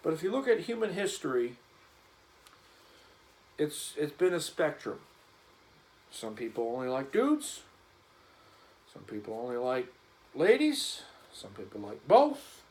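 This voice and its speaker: A man's voice: fairly high pitch, huge pitch swings, unhurried, pauses often, a little mellow, low-quality recording. A man vlogging casually as he cleans a gun, rambling and joking in an offhand way.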